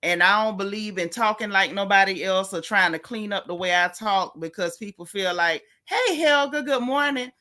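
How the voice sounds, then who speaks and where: A woman chats live with her viewers, her voice clear and bright. She speaks frankly and with feeling about faith, breaking off to greet people by name. The delivery stays casual and conversational throughout. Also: medium pitch, fairly even intonation, moderate pace, few pauses. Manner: chatty, greets viewers by name between thoughts; frank, heartfelt, faith-filled talk. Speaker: livestream host. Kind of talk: casual livestream chat.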